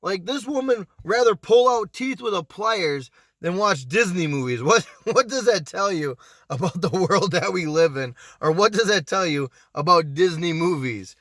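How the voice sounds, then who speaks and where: A man in his thirties telling a story in a casual, animated way, swearing freely and acting out what people said. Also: sits high, moderate pace, dry recording, clean studio sound. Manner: animated, profane, acts out quotes. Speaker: storytime vlogger.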